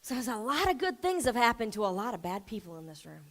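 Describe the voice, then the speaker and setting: A woman pastor delivering an emphatic sermon, rising to loud declarations and dropping to soft, near-whispered prayer. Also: a little high, big pitch swings, fast.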